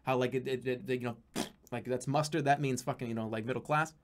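A man's voice: medium pitch, fairly even intonation, brisk. A man from the United States streaming live, chatting casually in a rambling, profane, joking way with many restarts.

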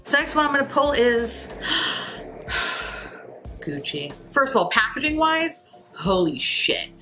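A woman's voice: high-pitched, big pitch swings, slow, over music. A woman doing a casual makeup review, blunt and profane, often breaking into giggles. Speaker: beauty YouTuber.

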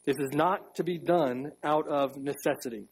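A man preaching a sermon as pastor in a church, emphatic, repeating key phrases and slowing down to stress them. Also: on the high side, slightly rough, rough recording. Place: church sanctuary.

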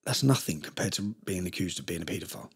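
A man's voice: low voice, expressive, quick pace, husky. A man, a podcast guest telling a long story in casual conversation, emphatic and fond of tag questions like "yeah?".

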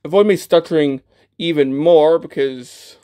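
His voice is fairly high, a little slow, and mellow, with a clear, resonant tone. Reviewing a toy casually, he stammers frequently, restarts, and fills silences with "uh," staying matter-of-fact and self-deprecating.

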